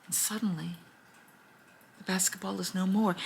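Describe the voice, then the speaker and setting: Woman storyteller, fairy tale, expressive, gravelly fry, bright tone. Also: mid-range voice, normal speed, a little hiss or hum, rough recording. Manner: animated and expressive.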